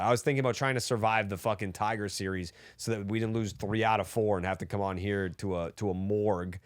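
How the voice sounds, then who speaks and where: A man's voice: mid-range voice, dry recording. Podcast co-host, male, mid-range voice, fired-up and foul-mouthed, dry studio sound. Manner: heated, profane ranting. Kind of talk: casual sports talk.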